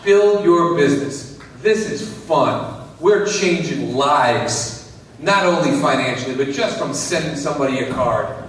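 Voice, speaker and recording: A man's voice: fairly high pitch, animated, a little slow, fairly bright tone, slight background noise. A man giving an earnest, repetitive inspirational story at a business seminar, addressing listeners as you. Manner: earnest, repeats phrases, talks to listeners as "you". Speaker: motivational speaker. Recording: echoey hall from far off.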